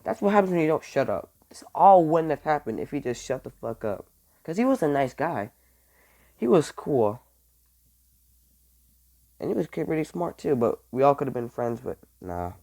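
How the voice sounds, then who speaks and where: A young man vlogging, telling a school story in a casual, animated way, swearing and saying "like" a lot. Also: on the high side, normal speed, vocal fry, long pauses. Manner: animated, swears, heavy use of "like".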